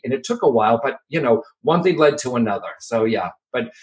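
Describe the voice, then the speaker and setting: A middle-aged man with a Boston accent, a medium and author chatting casually in an interview, animated and full of restarts. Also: medium pitch, brisk, poor audio.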